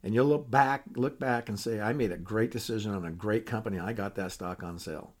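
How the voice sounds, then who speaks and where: A man's voice: on the low side, brisk. An older, retired man hosting a podcast in a folksy, candid, self-deprecating way, with frequent restarts. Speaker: podcast host. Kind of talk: casual podcast monologue.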